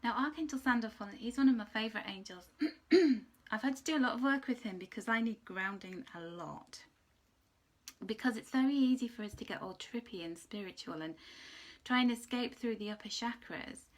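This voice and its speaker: A woman's voice: a little high, normal speed. Chatty woman reading angel cards. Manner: chatty, rambling, with soft whispered asides. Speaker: angel card reader. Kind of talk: casual spiritual card reading.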